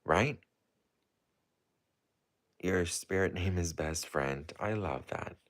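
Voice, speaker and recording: Taking it slowly in a low voice, a man hosts a casual livestream. He reads comments from viewers aloud and gushes on and on, rambling with lots of "like".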